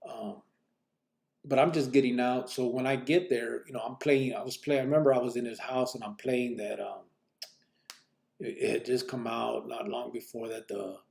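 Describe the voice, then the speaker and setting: A man's voice: mid-range voice, gravelly, a little mellow. A man telling his own story on a podcast in casual street slang, rambling with many fillers and acting out other people's lines.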